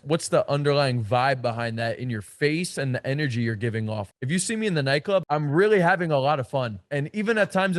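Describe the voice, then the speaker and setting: A man's voice: medium pitch, no room sound, studio quality. A man giving a casual coaching talk as a dating coach, blunt and slangy, with frequent swearing and emphatic stresses.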